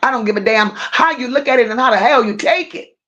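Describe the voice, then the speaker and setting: A woman hosting a live-stream true-crime commentary. She rants emphatically and confrontationally, leaning hard on her stressed words and pausing to thank viewers in the chat. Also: on the high side, fairly bright tone, highs cut off. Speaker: livestream commentary host.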